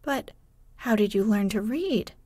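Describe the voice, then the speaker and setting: Severe old-fashioned housekeeper lady, firing questions, slow and quiet, dry close sound, woman narrator doing her. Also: medium pitch, expressive, no echo. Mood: indignant. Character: stern, indignant older woman housekeeper.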